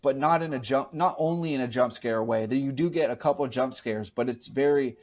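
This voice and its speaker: A man with a medium-pitched, darkish voice talks briskly as a podcast co-host in a casual movie review chat. Reviewing a horror film, he rambles, often repeating himself and restarting his sentences.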